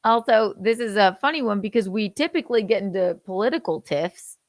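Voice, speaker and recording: A woman in her thirties hosting a casual livestream chat, animated and laughing, swearing freely and acting out how she yells. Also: mid-range voice, fairly quick, no room sound, clean studio sound. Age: 30s. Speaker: host.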